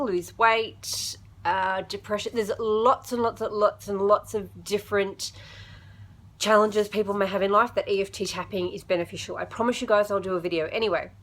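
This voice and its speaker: A woman's voice: medium pitch, fairly bright tone. A young woman, talking to her camera in a personal vlog, chatty and emotional and often jumping between thoughts. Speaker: vlogger.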